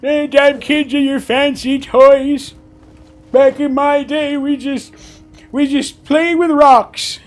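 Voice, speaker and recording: A cranky old man grumbles about kids and their toys in a high, creaky drawl, stretching out every word with grunted "eh"s, as a man puts him on. The voice sits well above the performer's normal register. Faint music plays underneath. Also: flat delivery, takes it slowly. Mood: grumbling.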